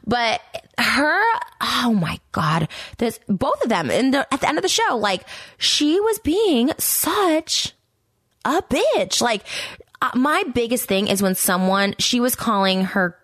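A woman hosting her own podcast, talking in a blunt, profane, rambling way full of fillers, her pitch jumping up when she gets worked up. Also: animated, takes it slowly, fairly bright tone, no room sound, studio quality. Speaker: podcast host. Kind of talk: casual commentary monologue.

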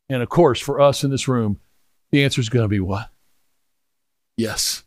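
A middle-aged man preaching a storytelling sermon, animated and rambling with frequent restarts, moving into prayer. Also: medium pitch, moderate pace, pauses often, dry recording, studio quality. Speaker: pastor.

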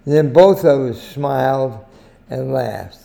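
An older man with an American accent tells a personal anecdote for a weekly editorial. His voice is gravelly and mellow, and he unhurriedly lets each phrase land. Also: medium pitch, slow pace. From United States. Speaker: editorial host. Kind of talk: short spoken editorial with anecdotes.

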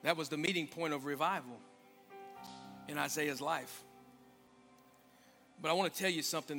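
A man preaching a sermon as pastor, swelling to emphatic peaks and dropping to hushed lines. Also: on the high side, moderate pace, pauses often, soft background music. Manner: preaching with rising, emphatic swells and quiet drops. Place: church sanctuary.

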